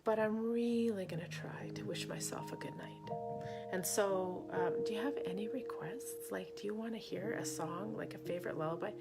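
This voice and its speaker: Soft-spoken woman musing with guitar behind. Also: medium pitch, normal speed, creaky. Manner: soft, often half-whispered musing. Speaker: musician and music teacher. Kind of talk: casual live-stream talk.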